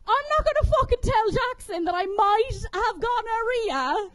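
A woman's voice: very high-pitched, animated, moderate pace, hardly any pauses. A woman from Kerry doing a chatty, profane stand-up set, laughing often between lines, on a stage microphone in a comedy venue. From Kerry, Ireland.

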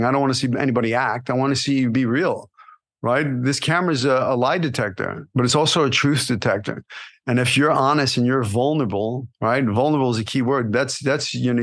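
A man delivers a motivational monologue to aspiring actors on his podcast. His voice sits at a middling pitch, and he coaches with energy, pushing his listeners and checking in with a "right?" after his points. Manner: energetic, coaching, repeats "right?" and "you know". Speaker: podcast host and acting coach.

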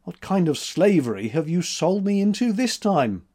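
A man's voice: high voice, sing-song, moderate pace, dark tone, pitched above the performer's own voice. A man playing a wry gaunt young drifter. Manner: dry, wry and self-mocking.

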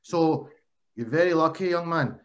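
A man's voice: a little high, normal speed. A man hosting a casual interview, friendly and chatty. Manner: friendly, calls the guest mate. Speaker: podcast host.

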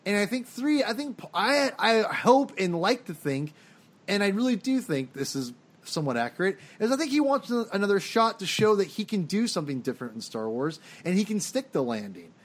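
A man with a slightly raised pitch talks through his film opinions in a loose, casual way. He rambles and restarts often, circling back over the same points. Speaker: podcast co-host. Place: home, dog heard drinking behind him.

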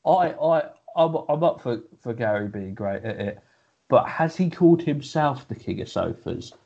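A man's voice: mid-range voice, expressive, moderate pace, gravelly, a little mellow. A man co-hosting a podcast, joking and laughing, often stammering and restarting his sentences. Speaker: podcast co-host. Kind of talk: casual chat. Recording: dull lo-fi podcast audio.

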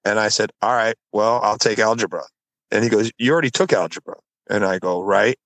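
A man's voice: on the low side, brisk, fairly bright tone, no echo, poor audio. A man co-hosting a podcast, telling a story in casual chat with laughing asides. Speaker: podcast co-host.

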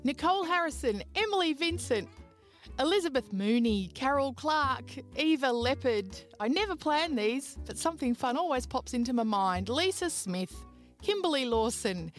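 A woman's voice: high voice, lively intonation, normal speed, soft background music. A woman with an Australian accent hosting a podcast, chatting playfully and wandering into tangents while she thanks listeners. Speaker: podcast host. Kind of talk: casual chat, thanking patrons.

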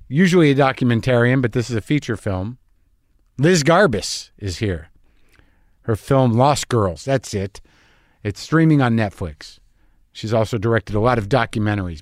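A man's voice: medium pitch, dry recording, studio quality. A middle-aged man hosting a podcast from his garage, talking in a wry, playful, riffing way. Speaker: podcast host. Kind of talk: casual podcast monologue. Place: home garage studio.

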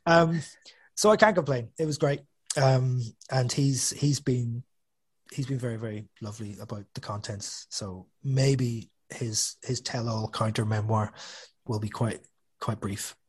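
Husky-voiced man, chatty. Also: mid-range voice, a little slow. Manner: chatty and self-deprecating, with frequent restarts and asides. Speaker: author and podcast guest. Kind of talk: casual conversational interview. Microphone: studio podcast microphone.

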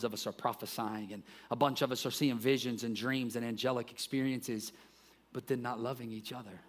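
A man in his thirties preaching a sermon as a pastor, with an ordinary middle-pitched voice. He talks to the congregation in a casual way, jumps up into loud emphatic bursts, then drops into quiet asides and light self-deprecating jokes. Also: steady tone, a little fast.

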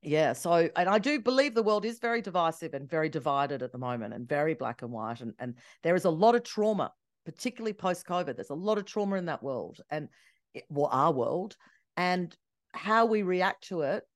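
An Australian woman, a podcast guest, telling animated stories with many restarts. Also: lowish voice, fairly quick, dry recording, studio quality. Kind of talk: conversational interview.

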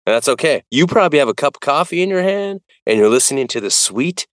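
A man's voice: on the high side, very animated, fast talker, hardly any pauses, no echo, studio quality. A man co-hosting a podcast in casual chat, teasing his partner and often repeating words as he talks. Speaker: podcast co-host.

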